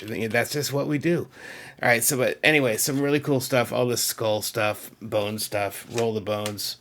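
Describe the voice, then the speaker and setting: Middle-aged guy from massachusetts, gravelly voice, rambling on about his collection to viewers. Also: medium pitch, fairly even intonation, normal speed, a bit bright. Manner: enthusiastic, rambling, frequent asides to viewers. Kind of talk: casual chat to camera.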